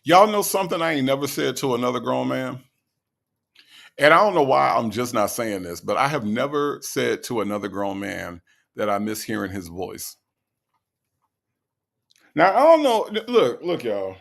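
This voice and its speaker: A man from the American South hosting casual reaction commentary, animated and mocking, with a gravelly voice. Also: mid-range voice, normal speed. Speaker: commentary channel host.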